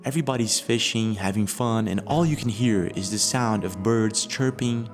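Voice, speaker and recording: Male narrator, lower pitch, steady scripted storytelling that poses leading questions. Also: normal speed, over music. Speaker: video narrator.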